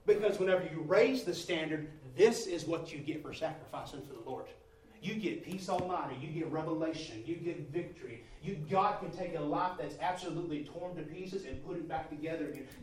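A man preaching a testimony sermon, emphatic, swinging from quiet talk to near-shouting and calling his listeners brother and sister. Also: on the high side, fairly quick. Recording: echoey hall from far off, faint noise.

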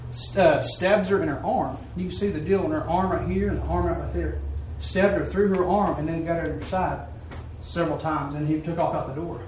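In this sermon-style mission report, a man preaches his story in a homespun, repetitive manner that climbs to emphatic high points. His voice is somewhat high and reaches the distant microphone through a heavily echoing hall, with a faint hiss underneath.

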